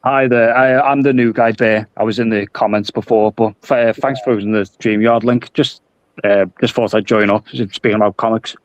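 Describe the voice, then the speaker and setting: Play a relaxed young man with a thick Scouse accent, chatting as a new guest. Keep it friendly and self-deprecating, with plenty of "um" and "like", recorded close and dry with no room sound. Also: fairly low pitch, normal speed, dry recording, highs cut off. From Liverpool, England. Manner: easygoing, self-deprecating, laughs often, lots of fillers. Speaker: guest joining the stream. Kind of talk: casual chat.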